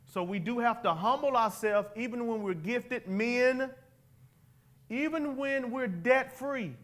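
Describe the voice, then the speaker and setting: A man preaching a sermon as pastor, animated and conversational, drawing call-and-response from his congregation. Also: very high voice, slow.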